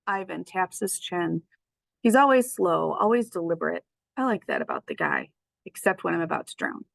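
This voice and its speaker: A woman's voice: lowish voice, normal speed, gravelly, no echo, rough recording. Woman reading a storybook aloud. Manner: lively, expressive reading. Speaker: audiobook reader. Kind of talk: storybook narration.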